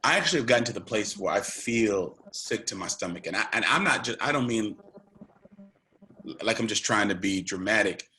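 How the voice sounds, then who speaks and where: Male presenter, lowish voice, earnest and emphatic, conversational online talk. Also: animated, fairly quick, sharp tone, slight background noise.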